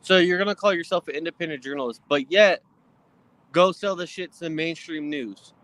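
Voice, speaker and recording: A man's voice: on the high side, fairly quick, fairly bright tone, no room sound. Emotional man ranting with dry sound. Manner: heated, profane ranting. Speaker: guest. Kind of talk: casual chat.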